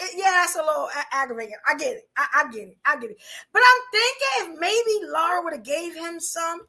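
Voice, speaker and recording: Chatty high-voiced woman host. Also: sharp tone. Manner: chatty, addresses chat viewers directly; frequent fillers and repeated rhetorical questions. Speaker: podcast host. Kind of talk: casual livestream commentary.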